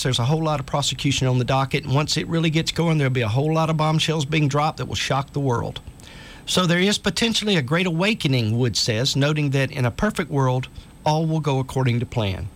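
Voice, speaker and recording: A man's voice: fairly high pitch, brisk. A man hosting a talk radio show, speaking in an earnest, urgent way and reading articles aloud to listeners.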